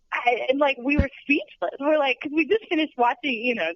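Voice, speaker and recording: A woman's voice: high voice, brisk, no room sound. Bubbly, chatty young woman. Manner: chatty and bubbly, laughs often. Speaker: studio tour guide. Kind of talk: casual podcast interview. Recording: dull lo-fi podcast audio.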